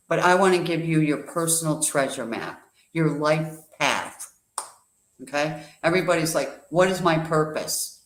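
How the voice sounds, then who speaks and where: A man's voice: a little high, a bit bright. A man giving an emphatic motivational talk, full of rhetorical questions and a told parable. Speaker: guest speaker. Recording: echoey room.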